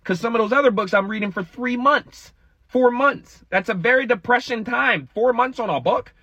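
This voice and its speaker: Chatty man with a husky voice. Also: very high voice, normal speed, dry recording, muffled recording. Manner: chatty, animated asides, addresses viewers as y'all. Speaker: vlogger. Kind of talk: casual read-aloud vlog.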